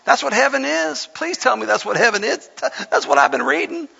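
Gravelly, bright-voiced male preacher. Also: very high-pitched, animated, fairly quick. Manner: emphatic, conversational preaching with dramatic scripture reading. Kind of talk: sermon. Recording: lo-fi sound in a reverberant hall.

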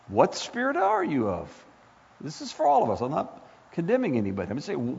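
Gravelly and slightly rough, this male pastor's fairly high voice swings hugely in pitch at a normal speed. He preaches with impassioned build-ups, rhetorical questions, and moments that nearly become shouts, recorded in a dull, lo-fi, echoing hall.

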